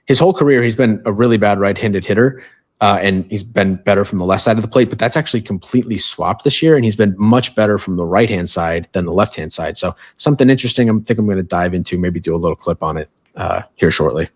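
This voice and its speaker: A man's voice: on the low side, fast talker. A man co-hosting a sports podcast in casual chat, easygoing, running through stats with side remarks. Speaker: podcast co-host.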